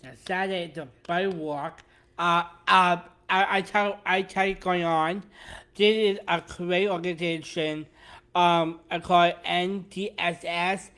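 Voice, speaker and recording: Eager young man, bright voice. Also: high-pitched, steady tone, a little slow. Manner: enthusiastic, short eager replies. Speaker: co-host, son. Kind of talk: casual chat.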